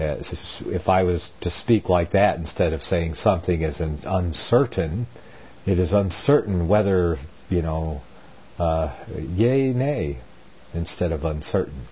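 Deep, husky male Bible host, folksy and rambling, dull lo-fi sound. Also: normal speed. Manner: rambling, self-correcting, folksy. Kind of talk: informal Bible reading and commentary. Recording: dull lo-fi recording.

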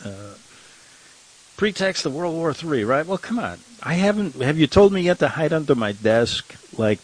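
A man's voice: on the high side, very animated, normal speed, rough recording. An older man hosting a talk radio show, rambling and sarcastic, chuckling at his own remarks and fighting a slight cough. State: has a cough.

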